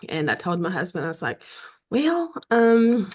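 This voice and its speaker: A middle-aged woman from the American South with a Southern accent, telling the story of how she became a romance author in a casual interview, acting out quoted dialogue and often clearing her throat. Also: mid-range voice, big pitch swings, fairly quick, darkish tone.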